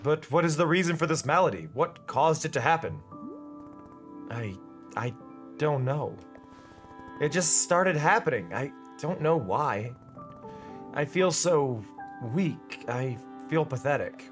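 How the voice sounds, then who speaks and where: A man's voice: a little high, lively intonation, slow pace, long pauses, soft background music. A man voicing a weakened warrior who talks in a tired, dejected way. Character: weary warrior, frustrated and weakened.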